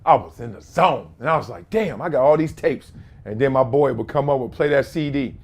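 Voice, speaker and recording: A man in his fifties hosting his own show from a room at home, telling stories in a casual, slangy way that bursts into shouts and laughter. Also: medium pitch, expressive, brisk. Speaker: show host. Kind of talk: casual storytelling monologue.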